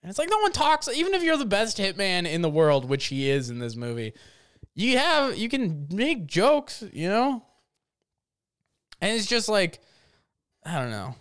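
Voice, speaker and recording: A young man rambles through a jokey story straight to his viewers, piling on fillers and restarts. His voice sits a bit high and sounds smooth and clean. The sound is dry and close, with no room echo. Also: sing-song, unhurried, long pauses, fairly bright tone. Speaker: vlogger. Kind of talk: casual storytelling rant.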